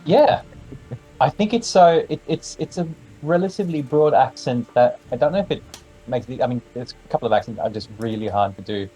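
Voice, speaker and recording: A man's voice: medium pitch, expressive, a little fast, mellow, rough recording. A man from Sweden, chatting eagerly as a guest on a gaming stream and often restarting his words. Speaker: game composer, guest. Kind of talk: casual chat over a game session.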